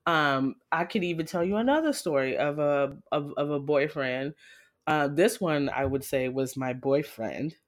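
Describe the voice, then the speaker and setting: Speaking a little slowly, a woman recounts something that happened to her in a casual, frank and profane way. She's animated, with her pitch leaping as she retells moments.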